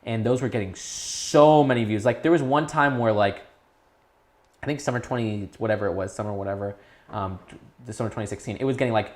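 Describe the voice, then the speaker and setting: A teenage YouTube creator appears as a guest in a casual interview, rambling, restarting his sentences, and perking up when he gets excited. His voice is lowish and he talks briskly.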